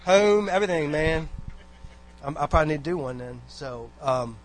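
A man, speaking casually to a church congregation. He rambles in a folksy way, breaking off into asides and stories. The delivery is a relaxed, unscripted church exhortation. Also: on the high side, moderate pace. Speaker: church member giving a talk.

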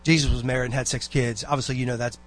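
A man's voice: mid-range voice, little pitch movement, rapid-fire. A man giving a rambling, folksy exhortation to a church congregation, full of asides and personal stories. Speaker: church member giving a talk.

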